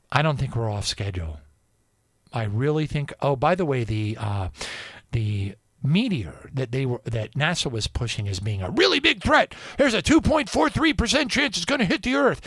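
A man's voice: mid-range voice, fairly bright tone, no room sound, studio quality. A man hosting a radio show, talking in a rambling, digressive casual monologue.

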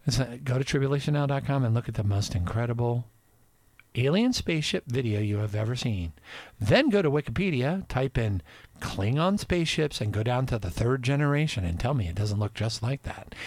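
Male podcast host, chatty news commentary, lively pitch, digressive, laughs often. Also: moderate pace, dry recording.

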